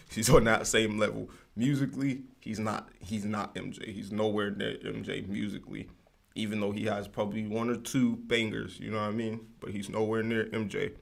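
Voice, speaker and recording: Man, young adult, low-pitched, gravelly, casual podcast rambling, slangy. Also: fairly bright tone. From United States. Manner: loose, slangy, rambling, digresses often. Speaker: podcast host. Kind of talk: casual solo ranting.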